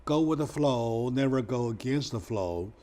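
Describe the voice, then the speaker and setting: A man hosting a discussion show, telling stories with emotional, excitable bursts and repeating words for emphasis. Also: measured pace. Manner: animated, emotional retelling with sudden loud raised pitch; non-native phrasing, repeats words for emphasis. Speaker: talk show host.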